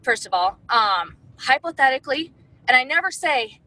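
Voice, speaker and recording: A woman's voice: sits high, animated, fairly quick, sharp tone, low-quality recording. A woman talking casually about her sales methods, chatty and full of "like" and "um". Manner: chatty, heavy use of "like" and "um". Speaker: direct sales distributor. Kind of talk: casual sales-tips talk.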